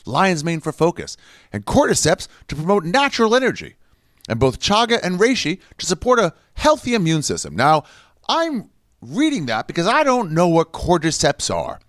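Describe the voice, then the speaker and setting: A man's voice: high voice, wildly swooping pitch, brisk, dry recording, studio quality. A male podcast host reading an ad in a jokey, profane way with silly asides. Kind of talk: ad read.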